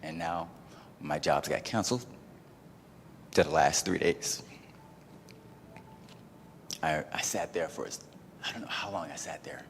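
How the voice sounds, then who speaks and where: Man, deep low voice, animated casual storyteller, reverberant hall, faint background noise. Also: measured pace, pauses often. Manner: animated, acts out his own inner voices; casual, peppered with "like" and "you know". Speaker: event speaker. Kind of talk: personal storytelling talk. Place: event venue.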